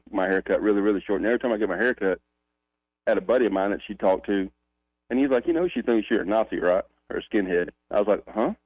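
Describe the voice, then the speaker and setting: A man's voice: lowish voice, dry recording. Southern guy calling a radio show, laughs a lot, muffled dry line. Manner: laughs often, joking storyteller. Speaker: caller. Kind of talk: casual radio call-in chat.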